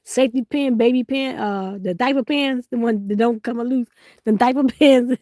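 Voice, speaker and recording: A woman's voice: a little high, moderate pace, a little mellow, no room sound, clean studio sound. Playful woman hosting a live sale. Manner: playful, teasing, laughs often, reads out chat comments. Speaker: live-stream seller. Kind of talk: casual live-stream chat.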